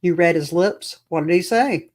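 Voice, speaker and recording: A woman's voice: on the low side, normal speed, darkish tone. A woman hosting a livestream, reacting anxiously and chatting with viewers. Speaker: livestream host. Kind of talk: live reaction commentary. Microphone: home streaming setup.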